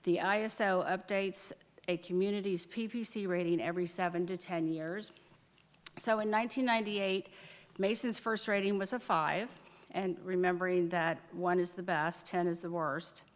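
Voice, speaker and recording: A woman's voice: lowish voice, steady tone, normal speed. A woman council member giving a committee report at a city council meeting, reading from notes with frequent fillers. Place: council chamber. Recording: reverberant council chamber.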